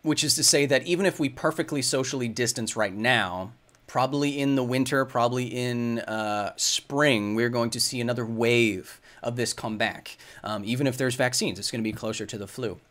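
Casting: male science host in his thirties, casual stream Q&A, rambling and thinking aloud, mid-pitched voice. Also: moderate pace, a bit bright. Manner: rambling, thinks aloud with many fillers and restarts. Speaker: science video host answering viewer questions. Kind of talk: casual livestream Q&A.

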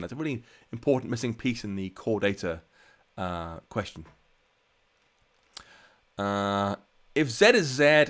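A man hosting a live coding stream from home, chatting casually and answering viewer questions with plenty of ums. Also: fairly low pitch. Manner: chatty and relaxed, many ums and restarts.

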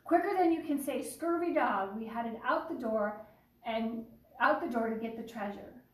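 A woman who teaches young children, reading a picture book aloud with lively asides, then speaking to families. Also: on the high side, normal speed, recorded from a distance. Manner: warm, animated storytelling with asides. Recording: echoey room, voice away from the mic.

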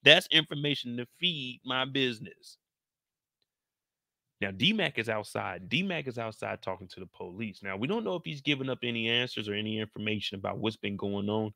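A man casually recapping a TV drama episode in a boastful, animated, slangy way. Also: medium pitch, moderate pace, creaky, no echo, studio quality. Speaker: YouTube show recapper.

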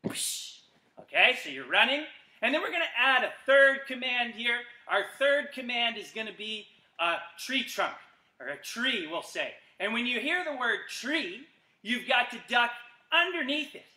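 Upbeat coach in an echoey gym. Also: male voice, very high-pitched, moderate pace. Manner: energetic, shouts commands and playful yells. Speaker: gymnastics coach. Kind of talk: live-streamed kids' exercise class. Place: empty gym.

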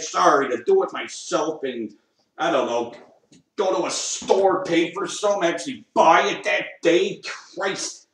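A man's voice: fairly high pitch, a little slow, a bit bright, distant mic. Grumbling man cursing to himself. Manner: grumbling, swears a lot, talks to himself. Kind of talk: rambling monologue while talking to his dog. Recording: echoey room, off-mic, faint noise.

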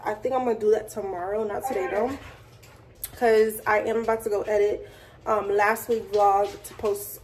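A young woman vlogging in a chatty, excitable, slangy way, talking straight to her phone camera. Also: medium pitch. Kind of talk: casual chat to camera.

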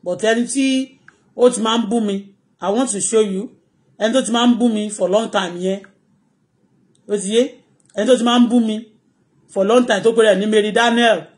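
A Nigerian woman with a Yoruba accent hosting her own live stream, ranting excitably and mixing English with Yoruba. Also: on the high side, fast talker. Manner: excitable, switching between English and Yoruba, bursts of shouting and laughter. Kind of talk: animated live-stream rant.

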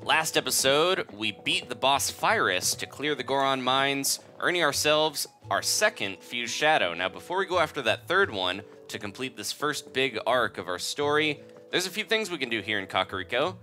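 A man giving casual, jokey commentary over a game playthrough as the video's host, chatty and quick to laugh. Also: mid-range voice, pushed and bright.

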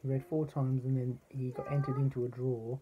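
A father reading a bedtime story aloud to his son, gentle and expressive. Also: mid-range voice, brisk, narrow, tinny audio, a little hiss or hum.

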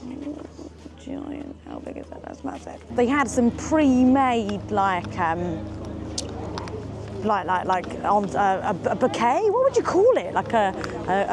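A woman's voice: mid-range voice, animated, measured pace, over music. A woman, chatting in a bubbly, self-mocking way as she vlogs her day. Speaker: vlogger. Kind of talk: casual vlog chat. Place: shops and office, in and out.

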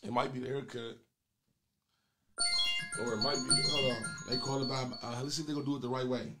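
A man hosting a comedy call-in show with loud, crude, taunting banter aimed at his callers. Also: medium pitch, little pitch movement, a little fast, over loud music.

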